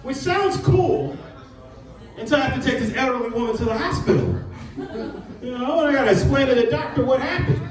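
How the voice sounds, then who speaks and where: A man's voice: extremely high pitch, expressive, fast talker, crowd noise. A man from Detroit doing stand-up, with a loose, conversational delivery and frequent asides like "you know" and "man". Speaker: stand-up comedian. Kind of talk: stand-up set. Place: comedy club stage with a live audience. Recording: roomy live club sound, audience laughter, from far off.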